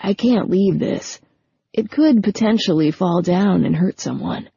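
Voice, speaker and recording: A woman's voice: on the low side, unhurried, gravelly, dark tone, breathy edge, no room sound, full character voice. A woman voicing an eager, persuasive young man who talks in a breezy, coaxing way, in a storybook reading. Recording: dull lo-fi recording.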